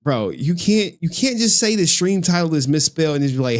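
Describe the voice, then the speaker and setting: A man live streaming and chatting loosely with his viewers, his pitch swinging high and low as he talks. He swears freely and grumbles about his chat, in a casual, rambling way. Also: big pitch swings, a little fast.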